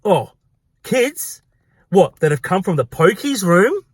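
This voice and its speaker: A woman's voice: medium pitch, big pitch swings, slow pace, darkish tone, breathy edge, no echo, studio quality, heavily acted. A man putting on a rude, scornful woman customer. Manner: scornful, complaining.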